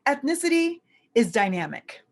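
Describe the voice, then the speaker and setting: A woman's voice: sits high, very animated, moderate pace. A woman giving a church teaching presentation as a visiting scholar, earnest and conversational, repeating key points for emphasis.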